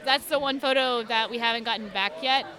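A woman who is a guest on a podcast, telling stories casually and acting out quotes in animated voices. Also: a little high, a little fast. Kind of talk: casual storytelling.

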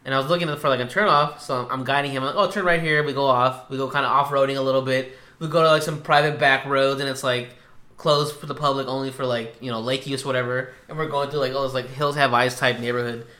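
A man's voice: mid-range voice, fast. A young man telling a story in casual chat, swearing freely and acting out what people said. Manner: profane, animated storyteller acting out quotes. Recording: echoey room.

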